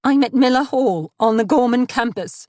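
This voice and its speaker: A woman's voice: a little high, moderate pace, a little mellow, dry recording, pitched above the performer's own voice, lightly acted. A woman doing a gasping, panicked woman on an emergency call. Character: calm woman faking panic on phone. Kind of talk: audiobook character reading.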